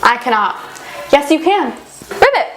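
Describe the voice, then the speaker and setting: A woman's voice: high-pitched, sing-song, slow pace, exaggerated voice. A young woman doing a fretful cartoon elephant. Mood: stubborn. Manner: worried and dramatic. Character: anxious, fretful male elephant friend. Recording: noticeable background noise.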